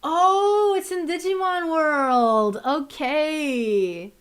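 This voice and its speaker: A woman with a high-pitched, very slow voice chats casually on a stream while worldbuilding, rambling with many restarts, laughing easily, and switching into Portuguese.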